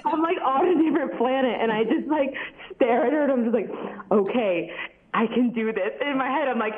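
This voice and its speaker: A woman guest telling a story casually, animated and giggly. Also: sits high, a little fast, narrow, tinny audio.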